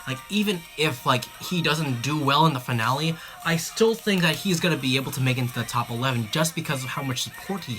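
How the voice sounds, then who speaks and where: A host casually commenting on a livestream, excitable and chatty, with many fillers and restarts. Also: mid-range voice. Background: faint background music.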